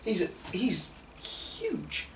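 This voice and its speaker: Lively, animated male talk show host. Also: high-pitched. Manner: animated, quick reactions. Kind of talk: casual chat. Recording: echoey room, distant mic, faint hiss.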